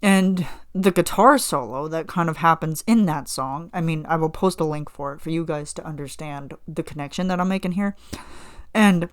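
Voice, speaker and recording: A woman's voice: low voice, normal speed. A woman hosting a podcast, chatting casually and animatedly, acting out her own reactions as she tells a story. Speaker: podcast host. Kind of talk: casual chat.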